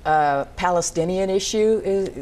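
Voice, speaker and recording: A woman hosting a TV talk show, asking probing questions in a halting way. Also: fairly low pitch, a little mellow. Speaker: host.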